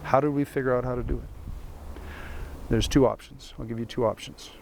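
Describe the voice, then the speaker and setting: A man's voice: mid-range voice, fairly even intonation, normal speed, vocal fry, darkish tone, slight background noise. A man, a golf teaching pro, giving a chatty lesson full of rhetorical questions and dry sarcasm. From Canada.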